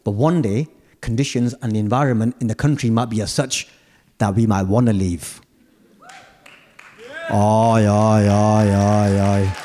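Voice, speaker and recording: A man acting out his older immigrant father, speaking in a low, measured, knowing way. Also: steady tone, warm tone, close to an everyday voice. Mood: wry. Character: older immigrant father, calm, wry and worldly-wise.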